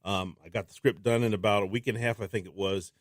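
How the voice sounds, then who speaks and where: A man, a filmmaker guest on a radio show, talking in a casual, animated way and acting out what people said to him. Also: lowish voice, quick pace, no echo, studio quality. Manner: animated storyteller who acts out quotes. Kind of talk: casual interview talk. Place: radio studio.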